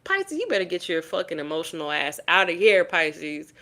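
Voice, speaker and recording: Animated, swearing woman tarot reader. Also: lowish voice, normal speed. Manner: animated, swears freely, talks straight to the viewer; repeats phrases for emphasis. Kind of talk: casual tarot reading to camera.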